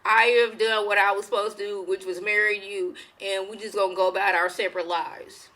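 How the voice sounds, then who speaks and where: A woman's voice: medium pitch, fairly even intonation, fairly quick, bright, forceful tone, close to an everyday voice, poor audio. A woman voicing an aloof young king who talks dismissively and is full of himself.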